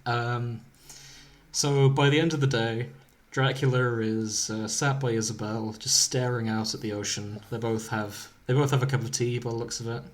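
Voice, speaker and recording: A man hosts a comedy podcast at a mid-range pitch, chuckling through a silly retelling. He trips over words, restarts sentences and keeps breaking into laughter. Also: steady tone, moderate pace. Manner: amused, laughing often, stumbling over words. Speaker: podcast host. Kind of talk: casual comic retelling of fan fiction.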